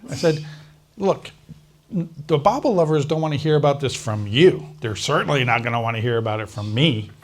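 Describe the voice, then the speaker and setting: A man guest in an interview, telling a long personal story with lively quoted dialogue and frequent laughter. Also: mid-range voice, a little fast. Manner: animated anecdotal storyteller, mimics other speakers, laughs often. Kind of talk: storytelling in a recorded conversation.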